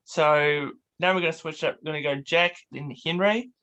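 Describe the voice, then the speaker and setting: A man's voice: a little high, normal speed, pushed and bright. Host, man, upbeat, steering a casual call. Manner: upbeat, running a voice impression game. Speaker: interview host. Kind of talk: casual chat over video call.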